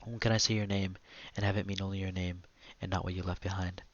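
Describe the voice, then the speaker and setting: Man, audiobook narration, measured and reflective, low voice, dull dry recording. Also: level tone, dry recording. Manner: measured, quiet, reflective delivery.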